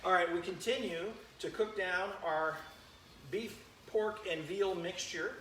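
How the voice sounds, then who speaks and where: A man's voice: high-pitched, unhurried, sharp tone. Man, cooking show host, chatty with viewers, echoey kitchen, faint hum behind. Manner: chatty, greets viewers by name while cooking. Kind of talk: live-streamed cooking demo, chatting with viewers. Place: home kitchen.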